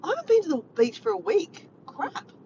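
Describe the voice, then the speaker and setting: A woman, chatting excitedly to viewers on a phone live stream at the beach. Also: very high voice, a little fast, gravelly, highs cut off, slight background noise. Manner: chatty, excitable, repeats herself. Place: outdoors, driving to and walking at a beach. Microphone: phone held in hand.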